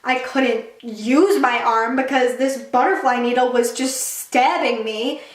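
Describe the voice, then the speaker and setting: A young woman telling a storytime vlog in a chatty, animated way, acting out quotes and saying "like" a lot. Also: fairly high pitch. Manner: chatty, quick, animated retelling with acted-out quotes and many "like" fillers. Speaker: YouTuber. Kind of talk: storytime vlog, casual chat. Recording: roomy echoey room.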